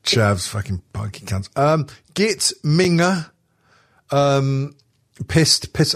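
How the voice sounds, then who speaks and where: A man's voice: fairly high pitch, expressive, takes it slowly, fairly bright tone, husky. A man hosting a casual podcast, reading a list aloud with constant swearing and jokes. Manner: swears constantly, jokey, laughs often.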